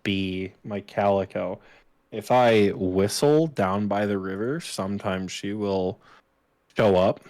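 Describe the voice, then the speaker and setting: A man's voice: on the low side, darkish tone, no room sound. A man who is a podcast guest, chatting casually and cracking goofy jokes. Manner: goofy, quick-joking. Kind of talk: casual chat.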